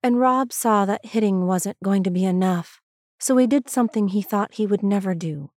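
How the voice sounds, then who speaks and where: A woman reading a story aloud as scripted narration, slow and even. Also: medium pitch, no room sound, studio quality. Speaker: reader.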